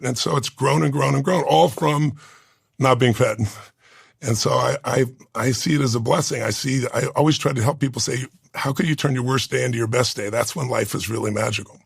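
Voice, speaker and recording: Man, 60s, interview guest; raspy, gravelly, heartfelt personal storyteller. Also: mid-range voice, brisk, no echo, studio quality. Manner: emotional, earnest, tells a personal story.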